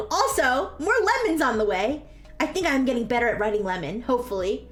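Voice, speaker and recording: High-pitched streamer girl reading fanfic, dramatic amused comments, some faint music behind. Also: expressive, a little fast. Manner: mock-dramatic, amused asides. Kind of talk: reading fanfiction aloud on a livestream.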